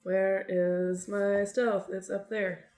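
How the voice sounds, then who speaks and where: A woman's voice: mid-range voice, little pitch movement, slow pace. A woman playing a tabletop game, hesitant and trailing off with ums. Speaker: player. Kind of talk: casual tabletop play. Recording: roomy echo with faint noise.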